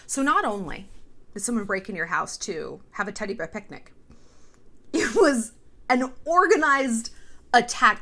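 A woman's voice: on the high side, bright, forceful tone. Sarcastic, foul-mouthed woman host. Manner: sarcastic, profane, quick asides with mock voices. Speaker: commentary host. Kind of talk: casual commentary.

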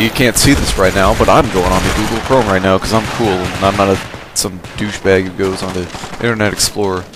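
A tired young man giving rambling, jokey gameplay commentary, swearing a lot and wandering off on tangents. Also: low-pitched. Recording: game gunfire noise behind.

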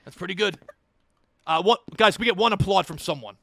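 A man with a high, gravelly voice hosts a party game over voice chat. He plays a hammy office boss full of mock-corporate cheer. His tone stays bright and lively. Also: brisk, a little hiss or hum. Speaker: game host playing the office manager. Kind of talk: playful voice-chat game banter.

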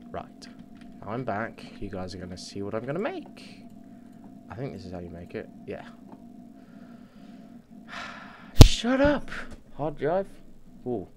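A man's voice: on the low side, background noise. A man giving casual, rambling let's play commentary on a computer mic, talking to himself and swearing freely. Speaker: gaming channel host.

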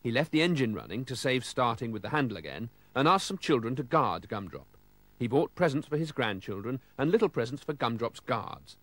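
Male storybook reader, animated pitch, dry close sound. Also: a little fast, no room sound. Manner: lively, expressive storytelling. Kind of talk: storybook read-aloud.

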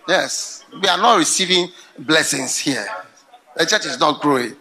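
Middle-aged male pastor, sermon delivery, animated storyteller with a sharp, high voice. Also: a little slow. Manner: animated storytelling that swings to loud laughing outbursts.

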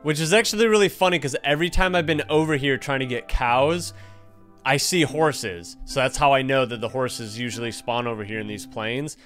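A young man casually commenting on his own gameplay, excitable and jumpy, chatting to the animals on screen. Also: medium pitch, moderate pace, faint music behind. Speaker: gaming YouTuber. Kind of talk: casual let's-play commentary.

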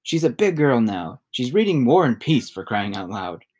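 A man's voice: mid-range voice, big pitch swings, normal speed, darkish tone. A man reading aloud and voicing an exasperated, teasing father. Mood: impatient.

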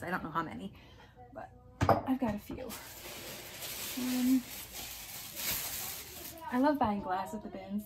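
A woman's voice: mid-range voice, background noise. Chatty woman gushing over thrift finds. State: hiccuping. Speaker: resale vlogger. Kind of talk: casual show-and-tell haul.

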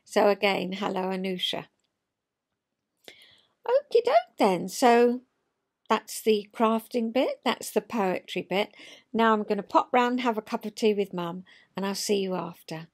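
A woman's voice: mid-range voice, big pitch swings, a little slow. A woman hosting her own show, reading a comic poem aloud with expression and chatting casually. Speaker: host. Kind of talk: poetry reading and casual chat.

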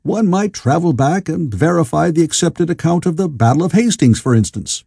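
A man's voice: fairly high pitch, animated, normal speed, creaky, warm tone, husky, no room sound, studio quality, pitched above the performer's own voice, exaggerated voice. A man reading the part of a doubtful Victorian psychologist who sounds musing and sceptical.

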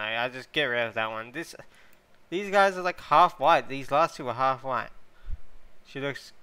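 A man hosting his gaming channel, chatting casually as he plays, getting excitable, thinking out loud and swearing freely. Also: mid-range voice, smooth. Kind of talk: casual gameplay commentary.

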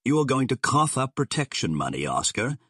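A man's voice: mid-range voice, sing-song, fairly quick, fairly bright tone, breathy edge, no echo, studio quality, pitched above the performer's own voice. A man voicing a sardonic male gangster boss who drawls his threats in slang. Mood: menacing.

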